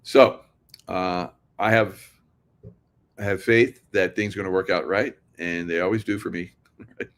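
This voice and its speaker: Low-voiced man ranting sardonically. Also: steady tone, unhurried, long pauses, fairly bright tone. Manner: sardonic, laughs often, rambling restarts. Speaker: political commentary host. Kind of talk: casual monologue to viewers.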